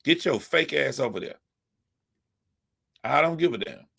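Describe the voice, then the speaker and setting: A man's voice: mid-range voice, lively intonation, measured pace, gravelly, pushed and bright, husky. A young man from the United States giving profane, emphatic commentary, repeating his points as he rants. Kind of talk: ranting commentary.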